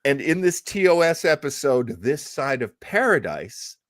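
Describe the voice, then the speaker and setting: A man's voice: fairly high pitch, big pitch swings, unhurried, no echo, studio quality. A man co-hosting a casual review show, rambling and stumbling over his words with fan enthusiasm. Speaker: podcast co-host.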